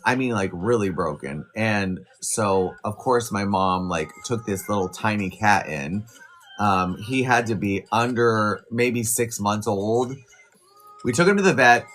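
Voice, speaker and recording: A man hosting a casual live stream, chatting in a rambling way with quick asides to his viewers. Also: on the low side, a bit bright. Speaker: livestream host.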